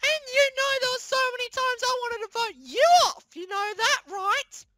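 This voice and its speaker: A performer voicing a plush toy character who yells and shrieks frantically through a video game, sounding hoarse after an illness. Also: very high-pitched, normal speed, no room sound. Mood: chatty. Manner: shrieking, frantic yelling while playing. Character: squeaky plush toy character, excitable and panicky. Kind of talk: gaming comedy voice acting.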